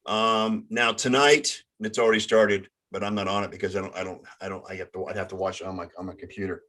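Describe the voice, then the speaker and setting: A man hosting a casual sports talk show, halting and often stumbling over his words. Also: lowish voice, fairly even intonation, pushed and bright. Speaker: sports podcast host.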